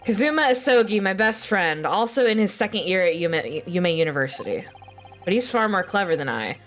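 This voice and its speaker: A woman voicing an earnest, nervous young male student, her own voice pitched slightly up, flustered and apologetic. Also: animated, fairly quick, faint music behind, lightly acted. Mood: narrating.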